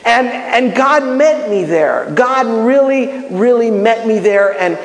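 A man's voice: extremely high pitch, slow pace. A man from Miami teaching a Bible lesson in a sermon style, acting out prayers with lots of restarts. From Miami, United States. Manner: animated, acts out prayers, many restarts. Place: community center hall. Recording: echoey hall with long reverb.

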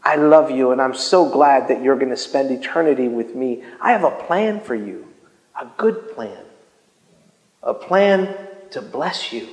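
Man doing a divine voice: hushed, low, tender, heard in a roomy hall. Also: expressive, measured pace, natural voice. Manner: soft and tender. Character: gentle loving male divine voice.

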